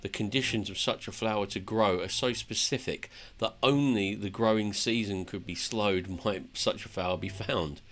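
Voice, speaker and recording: A man's voice: fairly low pitch, moderate pace, hardly any pauses, a bit bright, natural voice. A man reading aloud the lines of an earnest male dwarf hero telling of his quest, in a plain voice with no accent.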